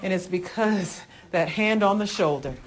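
A woman's voice: medium pitch, moderate pace. A woman leading an informal Bible study, speaking fervently and often exclaiming.

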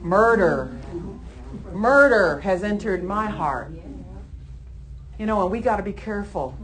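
A woman preacher giving a Sunday sermon, emphatic, acting out heated prayers and then settling into calm teaching. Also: mid-range voice, a little slow, a crowd in the background. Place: church service.

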